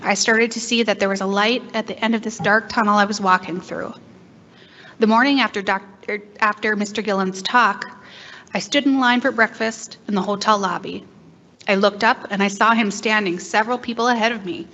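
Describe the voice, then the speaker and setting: A woman reading a written introduction aloud at a conference, steady and careful. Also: medium pitch, normal speed, dull audio. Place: conference hall.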